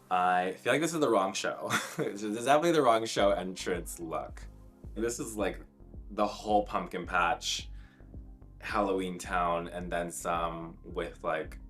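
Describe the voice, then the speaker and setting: Man, drag queen commentator, very low voice, profane, catty runway reviews full of "like.". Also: fairly bright tone. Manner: sassy, blunt and profane critique; chatty, full of "like" fillers.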